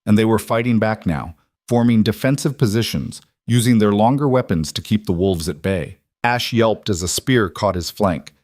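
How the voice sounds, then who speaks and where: Low-voiced male story narrator. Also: normal speed, few pauses, no room sound, studio quality. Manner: steady, dramatic storytelling. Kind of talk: scripted narration.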